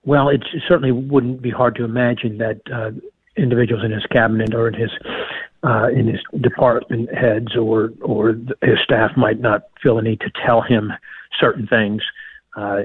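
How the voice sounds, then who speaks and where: A man calling in as a congressman guest, talking in measured political talking points with some fillers. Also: lowish voice, flat delivery, slightly rough, no room sound. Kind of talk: phone-in interview. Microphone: phone. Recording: tinny phone line.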